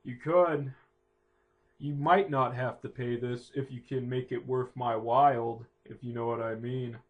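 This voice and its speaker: A man's voice: mid-range voice, steady tone, unhurried, narrow, tinny audio, natural voice. A man voicing a crude, pushy plumber who hesitates and stammers. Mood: sleazy.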